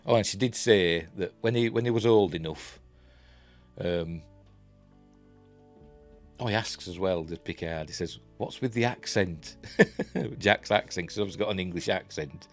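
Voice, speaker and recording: A man with a Yorkshire accent and a low, deep voice talks through a TV episode at an easy ramble. He keeps reaching for "you know" and "um" between thoughts. Faint music plays quietly behind him. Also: a little fast. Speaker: TV episode reviewer. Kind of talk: casual spoken review.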